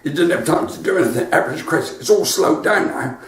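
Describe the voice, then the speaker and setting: A West Country comedian talks and laughs his way through a home live stream. His voice sits high and swings all over the place. He is heard from a few feet off, in a room full of echo. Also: expressive, fast, recorded from a distance. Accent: West Country English. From West Country of England. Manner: chatty, laughs at his own jokes.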